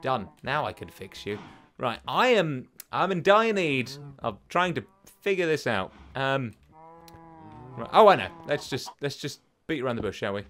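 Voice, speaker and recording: A man's voice: medium pitch, big pitch swings, moderate pace, a bit bright. A young British man hosting a let's play from his bedroom, chatting in a rambling, easily flustered way. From United Kingdom. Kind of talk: casual gaming commentary. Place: home bedroom.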